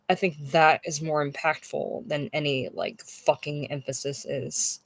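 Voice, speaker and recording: Slow, halting, dry-voiced book rambler. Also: mid-range voice, flat delivery, vocal fry, no room sound. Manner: halting, repeats words, swears for emphasis; intense, circling back to one point. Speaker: book discussion host. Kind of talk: unscripted rambling monologue.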